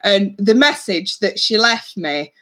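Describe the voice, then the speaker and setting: A woman in her thirties, a psychic reader hosting a casual livestream, chatting warmly with viewers, reading out their comments and calling them darling. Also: medium pitch, lively intonation, measured pace. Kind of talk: casual live-stream chat with viewers.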